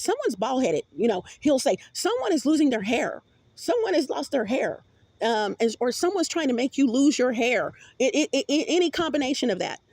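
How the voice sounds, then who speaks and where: A woman's voice: a little high, darkish tone, dry recording. A woman vlogger in a rambling, profane monologue with many restarts, recorded on a phone.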